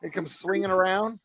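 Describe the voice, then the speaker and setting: High-voiced rambling male podcast host. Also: creaky. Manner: rambling storyteller, animated, doing voices. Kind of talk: casual chat. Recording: faint background music.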